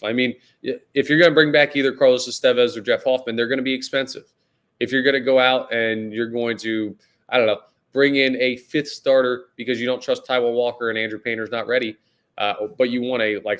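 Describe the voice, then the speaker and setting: A man hosting a solo sports podcast, talking casually and rambling, often saying "guys" and "like". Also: mid-range voice. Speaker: podcast host.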